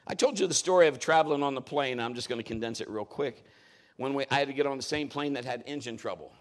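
A middle-aged man preaching a sermon as a pastor, telling stories in an animated way with big swings in his voice. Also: fast. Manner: animated storytelling with lively swings in pitch.

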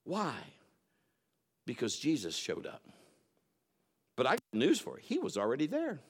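A man preaching a sermon, telling stories and swinging between loud emphatic bursts and quiet low asides. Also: wildly swooping pitch, moderate pace, breathy edge.

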